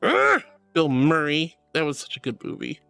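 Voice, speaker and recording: A woman streams and chats casually with her viewers, playful and over the top, and her pitch leaps and dips constantly. She calls people honey and sweetie, and faint music plays underneath her. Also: huge pitch swings, moderate pace, vocal fry, a bit bright, clean tone, no room sound. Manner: playful and dramatic, often laughing. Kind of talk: casual livestream chat.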